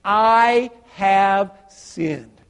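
A repentant young man, broke and humbled, voiced by a preacher mid-sermon. He talks slowly in a high voice, stumbling and repeating himself as he pleads. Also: animated. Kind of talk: acted quote in a sermon.

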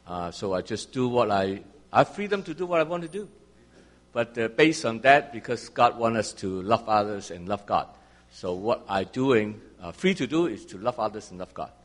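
A man in a church group sharing his testimony haltingly, with many pauses and fillers. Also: lowish voice, expressive, big-room sound. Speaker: group member.

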